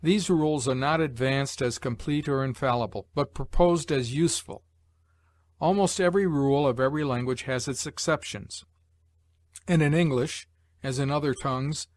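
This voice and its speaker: A man reading English pronunciation rules aloud in a measured, list-like way, slowing on each example word. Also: a little high, no echo. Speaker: English lesson narrator.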